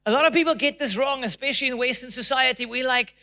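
A man's voice: very high-pitched, fast, pushed and bright. A man preaching a sermon to his church congregation, emphatic, and acting out people's prayers in a raised, pleading voice. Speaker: pastor. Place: church auditorium.

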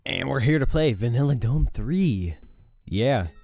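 A young man giving casual let's play commentary, reacting loudly to the game, groaning and swearing. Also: mid-range voice, animated, unhurried, creaky, no room sound, faint music behind. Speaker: gaming YouTuber.

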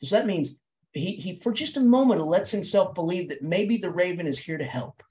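A man lecturing as an English professor, talking in an animated, dramatic way that leaps up and down in pitch, with frequent restarts and repeated words. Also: moderate pace. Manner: animated, dramatic delivery with sudden pitch jumps. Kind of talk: literature lecture.

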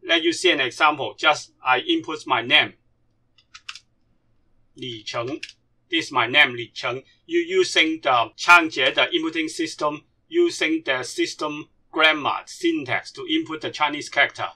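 A man walks through a computer screen tutorial with halting, English. His voice is very bright and sits fairly high. He speaks as a patient language teacher. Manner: halting, non-native grammar.

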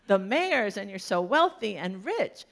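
Village neighbors gossip and exclaim at every turn of fortune, as a woman preacher puts them on. Their talk comes out slow. It carries a gravelly edge. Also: medium pitch, big pitch swings, a bit bright. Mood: excited. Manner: exclaiming, swinging between praise and pity.

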